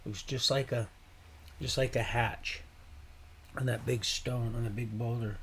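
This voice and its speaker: A man's voice: medium pitch, fairly even intonation, measured pace, slight background noise. A man streaming live, telling rambling, profane stories in a casual way. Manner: rambling, profane, swearing often. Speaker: livestreamer.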